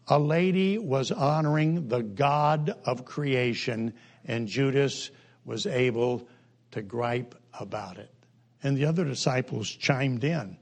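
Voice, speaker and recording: An older man preaches a humorous sermon in a folksy, joking manner, speaking slowly but with sudden jumps in pitch and pace.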